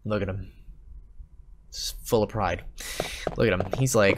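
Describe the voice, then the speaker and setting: A man's voice: lowish voice, steady tone, unhurried, a little hiss or hum. A man hosting his own gaming channel, rambling in casual, self-mocking, profane commentary at home while he plays. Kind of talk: casual Let's Play commentary. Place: home room.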